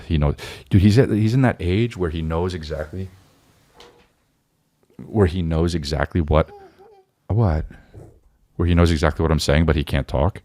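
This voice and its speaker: This casual solo podcast comes from a man in his forties with a deep, warm, sore and worn voice, speaking at a moderate pace and pausing often. He rambles with many restarts and frequent "right?" tag questions, with no echo on the recording.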